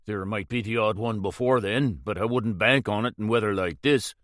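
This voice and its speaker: A man voicing an eager, proud village publican who talks in an excited, hearty way. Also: fairly low pitch, normal speed, no room sound, studio quality, close to an everyday voice.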